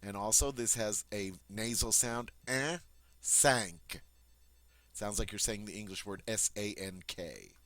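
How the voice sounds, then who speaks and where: A man teaching French pronunciation, repeating each word slowly and clearly before explaining it. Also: on the low side, a bit bright, dry recording. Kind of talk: pronunciation lesson.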